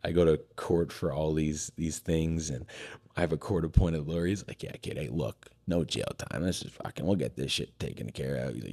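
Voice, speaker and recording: A man with a very low, deep voice recounts a hard stretch of his life in loose, candid conversation. He swears freely, restarts his sentences often and speaks in a casual, unpolished way. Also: normal speed, vocal fry, darkish tone. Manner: candid, profane, tells his story with many fillers and restarts. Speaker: podcast guest.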